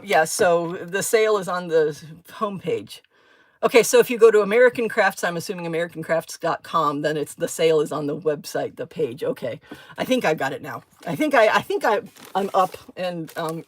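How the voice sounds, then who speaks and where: A woman hosting a craft live stream from home, chatting casually with viewers by name and drifting from one thought to another. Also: on the low side. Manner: rambling, easily sidetracked, talks to viewers by name.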